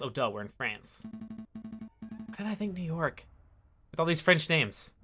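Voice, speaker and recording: A woman's voice: deep voice, sing-song, a little slow, pauses often, fairly bright tone, slightly rough, faint music behind. A woman streaming a narrative video game, reading its text aloud and chatting with casual, muttered asides.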